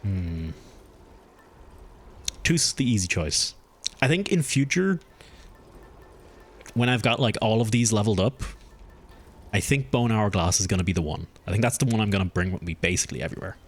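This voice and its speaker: A man streaming a game, chatting casually and thinking aloud as he plays, with his pitch jumping up when something surprises him. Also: expressive, moderate pace, pauses often, slightly rough. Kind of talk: casual gameplay commentary.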